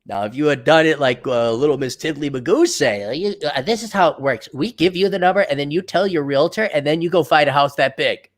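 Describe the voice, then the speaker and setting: A man's voice: on the high side, expressive, brisk, few pauses. A man with a somewhat raised voice rants on his own livestream. He turns sarcastic and profane, and mocks others by mimicking them. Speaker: show host. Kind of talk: livestream rant.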